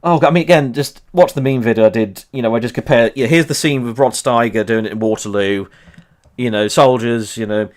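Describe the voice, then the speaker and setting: A man's voice: mid-range voice, brisk. A man in his thirties hosting a casual livestream about history, rambling with lots of ums and laughing often. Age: 30s. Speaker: history channel host.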